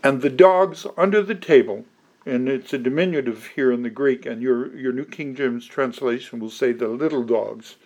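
A man preaching an expository sermon, slow and deliberate, with emphatic stresses and occasional restarts. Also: mid-range voice, a little mellow, lo-fi sound.

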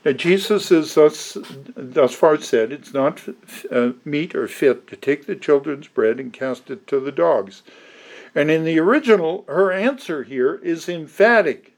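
With an animated, high-leaning voice, a man works through an expository sermon slowly and deliberately. Emphatic stresses punctuate his preaching, along with occasional restarts.

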